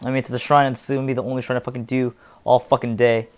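A man's voice: medium pitch, flat delivery, fast talker, clear, resonant tone. A young man casually commenting on gameplay, swearing and muttering at the game. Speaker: gamer, video host.

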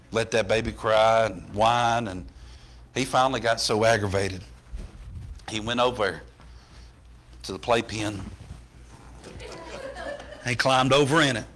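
A pastor preaching a sermon, building from plain storytelling to impassioned shouting in a church. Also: male voice, fairly low pitch.

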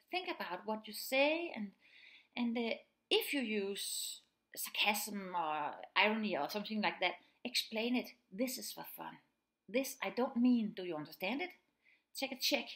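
A woman's voice: a little high, a bit bright. A woman teacher giving an earnest spoken presentation, explaining things plainly and acting out bits of quoted speech. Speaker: teacher of pupils with autism.

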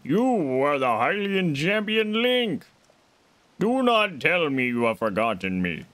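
A man's voice: a little high, very animated, slow pace, fairly bright tone, heavily acted. A man voicing a giant, regal old fish king, using formal old-fashioned speech. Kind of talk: voicing game dialogue on a stream.

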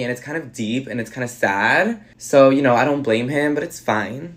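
Young male influencer, sassy and foul-mouthed, mid-pitched, casual vlog storytelling. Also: a bit bright. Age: young adult. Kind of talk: casual get-ready-with-me vlog.

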